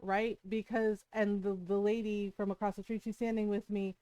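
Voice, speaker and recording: Speaking at a normal speed, this woman streamer has a medium-pitched, level and dark voice, clean but muffled, with no echo. Her casual chat at home wanders and gets profane, packed with "like" and "right?".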